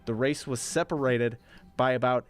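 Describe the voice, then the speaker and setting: A man's voice: medium pitch, steady tone, normal speed, smooth. A man co-hosting a political talk podcast in a studio, reading a news segment in a wry, playful way. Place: radio studio.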